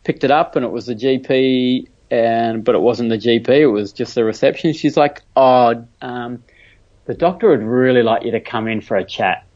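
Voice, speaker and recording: Animated Australian man telling a story. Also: medium pitch, moderate pace, muffled recording. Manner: animated, acts out quoted voices, laughs often. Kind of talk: casual storytelling chat.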